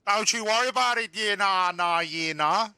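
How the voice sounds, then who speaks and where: Guy putting on a chirpy young aussie driver, mock accent, crisp bright voice, yeah nah mate. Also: high-pitched, moderate pace, no room sound, clean studio sound, voice pushed up, heavily acted. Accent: mock Australian. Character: cheery young male Australian racing driver.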